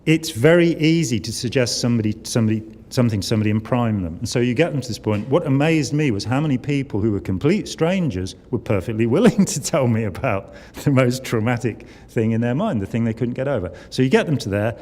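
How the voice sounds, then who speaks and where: A man's voice: medium pitch, expressive, quick pace, hardly any pauses, a little mellow. Wry older Englishman speaking in a hall. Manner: wry, conversational, full of asides and acted quotes. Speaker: conference speaker. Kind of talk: conference talk. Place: conference hall. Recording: long hall reverb.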